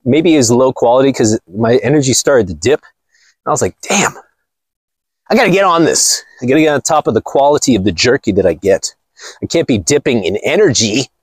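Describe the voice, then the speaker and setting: Husky, rambling man talking to camera. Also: mid-range voice, no room sound. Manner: blunt, rambling, swears casually. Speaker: channel host. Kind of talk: casual vlog monologue.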